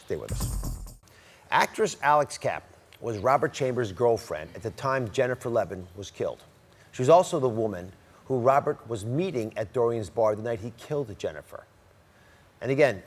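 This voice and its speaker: A man's voice: mid-range voice, lively intonation, normal speed, slightly rough, long reverb tail. A man hosting a TV talk show, asking direct questions and introducing segments. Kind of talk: interviewing and show segues.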